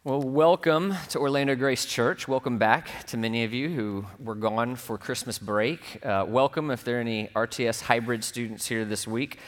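A man preaching a sermon in a church, telling a personal story in a relaxed, conversational way with dry humor. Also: mid-range voice. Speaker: pastor. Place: church sanctuary. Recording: long hall reverb.

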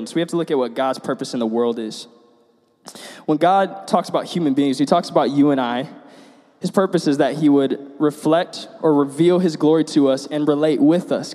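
A young man with a slightly high voice gives a relaxed sermon. He drifts into personal stories and pokes fun at himself. His words trail off into a long reverb from the hall around him. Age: young adult. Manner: conversational, self-deprecating storyteller. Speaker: preacher.

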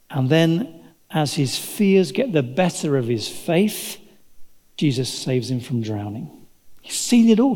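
A man's voice: a little high, darkish tone. A man preaching a sermon, telling the story dramatically and acting out the voices of its characters. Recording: long hall reverb.

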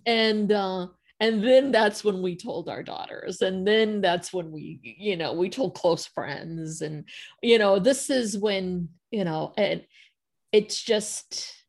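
Middle-aged woman, chatty podcast guest, animated storyteller, mid pitch. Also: slow, gravelly. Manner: animated, retells conversations in quoted voices, laughs often. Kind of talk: casual podcast interview storytelling.

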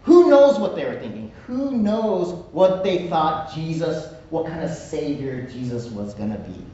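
A man delivers a sermon in a conversational way, often turning to the room with "right?". His slightly high voice comes from a distance in a very echoey hall. The sound is dull and muffled, with faint noise behind it. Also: sing-song, unhurried, mellow. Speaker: pastor.

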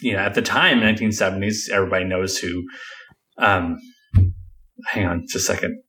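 A man's voice: low voice, brisk, pushed and bright. A man co-hosting a film podcast, talking conversationally and laughing often. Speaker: podcast co-host. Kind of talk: casual film discussion.

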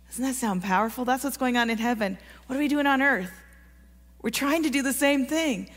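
A woman's voice: on the high side, fairly quick. A woman preaching a sermon to a church congregation, earnest and encouraging, often asking the listeners questions. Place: church sanctuary. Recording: long reverb of a large hall.

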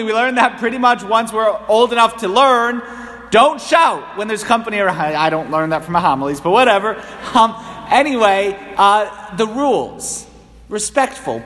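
Preacher with a high voice in a reverberant church. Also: male voice, pushed and bright. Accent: New England. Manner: conversational, rising into impassioned cries. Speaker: priest. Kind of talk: homily.

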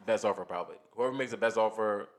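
A podcast co-host with a fairly low voice talks sports quickly and casually. He rambles loosely, thinking out loud and restarting his sentences.

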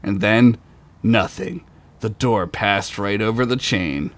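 A man narrating a tabletop game as game master, telling the story with animated delivery. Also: fairly low pitch, takes it slowly.

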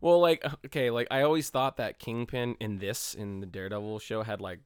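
A man's voice: on the low side, steady tone, brisk, clean tone, dry recording, clean studio sound. A man co-hosting a podcast, ranting bluntly and swearing freely. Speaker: podcast co-host. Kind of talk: casual chat.

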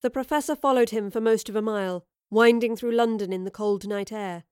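A woman narrating a story in a measured, scripted reading. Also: mid-range voice, darkish tone, smooth, no room sound, studio quality.

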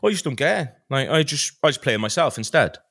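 A man putting on the voice of an unimpressed, sneering male cameraman who asks flat, dismissive questions. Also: fairly high pitch, brisk, creaky, pitched above the performer's own voice, heavily acted. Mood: blunt.

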